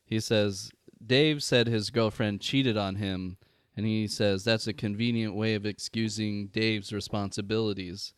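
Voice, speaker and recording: A man's voice: fairly low pitch, steady tone, unhurried, few pauses, clear, resonant tone, no room sound, clean studio sound. A man hosting a comedy podcast, reading passages from a self-help book aloud in a laid-back way. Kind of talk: casual comedic banter.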